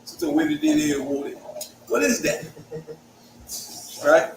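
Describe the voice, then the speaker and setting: Teaching a Bible study in a conversational way, a young Hartford man with a Connecticut accent keeps dropping "right?" into his points. His fairly high voice swings widely in pitch, moving slowly with vocal fry. The mic sits far off in an echoey room, with a faint hiss.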